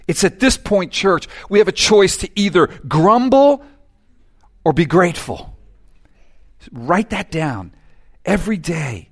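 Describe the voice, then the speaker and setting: A middle-aged male pastor preaching a sermon, swinging from hushed asides to loud, fervent passages and acting out quoted prayers. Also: high-pitched, expressive, a little slow, pauses often. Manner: acts out quoted prayers and complaints.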